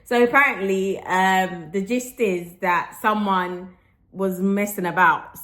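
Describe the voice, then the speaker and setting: Give me a woman vlogging casually at home, animated, slipping into patois. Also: medium pitch, slow pace. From Jamaican roots. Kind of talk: casual vlog chat.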